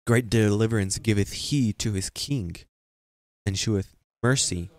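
A man preaching a sermon, repeating phrases for emphasis and reading scripture slowly. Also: fairly low pitch, dry recording. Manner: reads scripture slowly and deliberately. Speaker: pastor.

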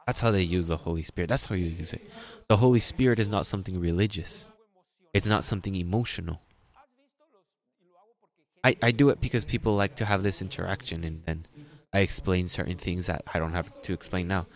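A male pastor preaching a sermon in an emphatic, repetitive way, rising into loud peaks. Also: sits low, fairly quick.

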